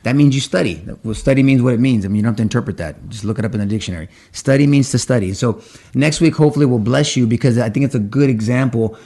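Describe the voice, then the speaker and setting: A man co-hosting a casual faith discussion, speaking at a rapid clip. He tells stories animatedly, often restarting his sentences, with a voice of middling pitch. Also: slightly rough. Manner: animated storyteller, frequent restarts. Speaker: podcast co-host.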